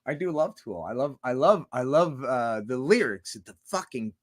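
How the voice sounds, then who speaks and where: A man's voice: medium pitch, expressive, moderate pace. A man chatting casually on a livestream, rambling with many restarts, swearing heavily and laughing often. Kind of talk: casual rambling stream chat.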